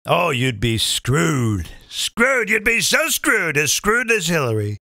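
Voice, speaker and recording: Man, high lively voice, profane rambling comedy rant, dry close sound. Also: takes it slowly, vocal fry, no echo. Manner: profane, rambling, digressive and animated. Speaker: comedian and show host.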